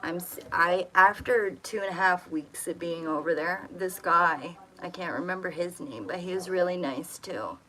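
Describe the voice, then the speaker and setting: A woman's voice: lowish voice, normal speed, few pauses, pushed and bright, rough recording. Rambling, swearing woman telling a story. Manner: rambling, blunt, frequent swearing. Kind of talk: casual personal storytelling.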